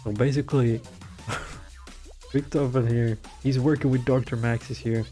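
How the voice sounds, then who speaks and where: A man's voice: medium pitch, steady tone, a little slow, mellow, soft background music. Profane, giggly man rambling on. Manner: irreverent, profane, giggly asides. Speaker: video creator. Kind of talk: rambling comedic lore rant.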